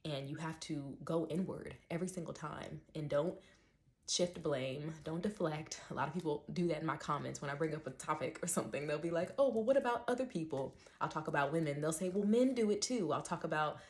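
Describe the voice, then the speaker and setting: A woman's voice: sits low, steady tone, fairly quick. A young adult woman talking candidly and emotionally about her experiences, full of fillers and quoted self-talk. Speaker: channel host. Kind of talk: personal reflective monologue.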